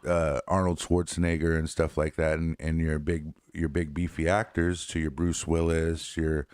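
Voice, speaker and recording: A man with a very deep voice co-hosts a casual talk show, rambling and restarting his sentences as he goes. The sound is close and dry, with no room around it. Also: level tone, normal speed, a little mellow, no room sound. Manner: rambling, repeats words, laughs often. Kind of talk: casual chat.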